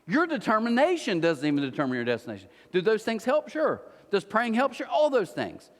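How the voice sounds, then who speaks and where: A man's voice: high-pitched, brisk, hardly any pauses. A man preaching a sermon as pastor, telling stories with energy and acting out the voices of the people in them. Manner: animated storytelling, acts out voices. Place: large church hall. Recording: reverberant church hall.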